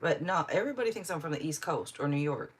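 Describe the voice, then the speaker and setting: A woman from Seattle hosts a live tarot stream, chatting loosely and reading out viewers' comments as they come in. Her voice sits low and slightly husky. She talks in an easy, conversational way, full of little asides. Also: expressive, fast. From Seattle, Washington. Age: adult. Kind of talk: casual live-stream chat.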